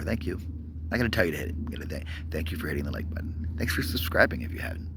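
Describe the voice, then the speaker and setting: A man's voice: rumbling low, lively intonation, racing, vocal fry, heavy background noise. A man vlogging outdoors, talking casually and reflectively to his phone, sometimes dropping to a near whisper. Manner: rambling, reflective, drops to a near whisper at times. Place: outdoors behind a store at dawn. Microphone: phone held to self.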